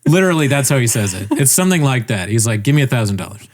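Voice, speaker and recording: Animated storytelling man, mid pitch. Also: very fast. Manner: animated storytelling, acts out quoted people; swears casually, laughs often. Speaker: podcast co-host. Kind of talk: casual chat.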